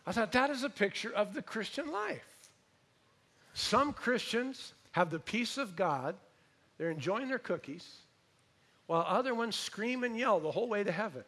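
Bright-voiced preacher man. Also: sits high. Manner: storytelling, animated, imitates voices. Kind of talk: sermon.

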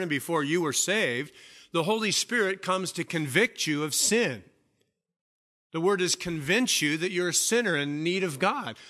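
A man preaching a sermon as pastor, emphatic, repeating key phrases, asking questions and dropping low and soft for stress.

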